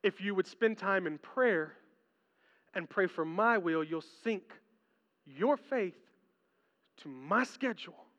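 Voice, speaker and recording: A male pastor preaching a sermon in a large hall, telling stories animatedly and swinging from hushed tones to excited ones. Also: high-pitched, takes it slowly, long pauses. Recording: reverberant hall, dull lo-fi sound.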